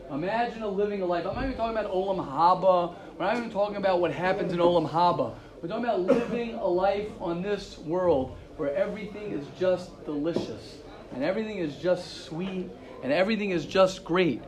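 Animated man teaching a casual class. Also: on the high side, a little fast. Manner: animated, storytelling, repeats phrases. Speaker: Torah teacher. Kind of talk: informal class talk.

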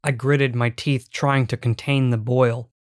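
A man giving measured, reflective first-person audiobook narration. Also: mid-range voice, little pitch movement, no echo, clean studio sound.

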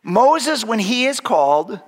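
A man's voice: extremely high pitch, sing-song, slow, long reverb tail. A man preaching a sermon as pastor, retelling stories in a conversational, humorous way with frequent restarts.

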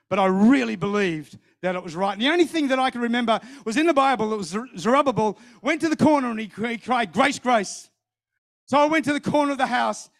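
In a very high, gravelly voice, a middle-aged man delivers a sermon built around a personal story, told animatedly as he acts out others' words and repeats phrases.

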